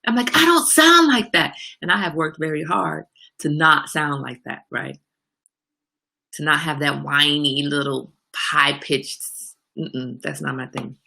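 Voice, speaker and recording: A woman with a low, gravelly voice chats on a livestream. Her tone is bright and edgy as she talks back to viewers by name. She is animated and casual. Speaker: livestream host. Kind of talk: casual chat reading viewer comments.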